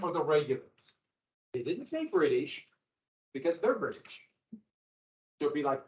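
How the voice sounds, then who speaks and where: A man teaching a history class, lecturing in an animated way with asides and acted-out quotes. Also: fairly high pitch, moderate pace. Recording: roomy, dull lo-fi classroom recording.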